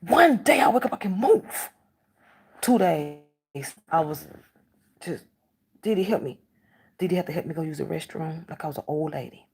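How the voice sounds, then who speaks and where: A woman's voice: low voice, normal speed, pauses often, warm tone, a little hiss or hum. A middle-aged woman talking casually to the camera, emphatic and repeating herself as she acts out bits of dialogue.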